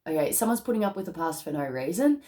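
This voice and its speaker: An Australian woman giving a casual tarot reading, chatty and excitable, laughing often between thoughts. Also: lowish voice, fast talker. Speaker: tarot reader.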